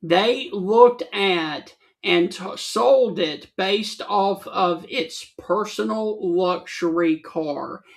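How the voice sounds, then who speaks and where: A man co-hosting a casual talk show, reading trivia and giving terse, matter-of-fact answers. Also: high voice. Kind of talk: casual chat.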